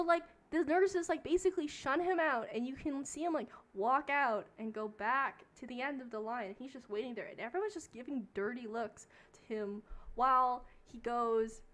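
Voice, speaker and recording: A young woman with a high voice tells a long story in a casual, rambling rant while she plays a game on stream. She fills nearly every phrase with "like" as she goes. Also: fairly bright tone.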